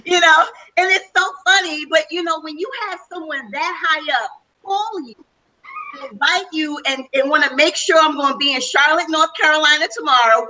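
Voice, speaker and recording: A woman's voice: high-pitched, bright, forceful tone, rough recording. A middle-aged woman giving an enthusiastic, chatty testimonial as a speaker on a webinar panel call.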